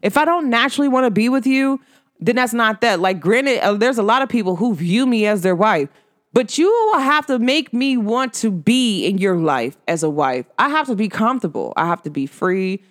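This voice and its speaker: A woman hosting her podcast, talking casually about spirituality and telling a personal story in an animated way, full of "like". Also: fairly high pitch, normal speed. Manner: animated storytelling, filler-heavy with frequent "like". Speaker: podcast host.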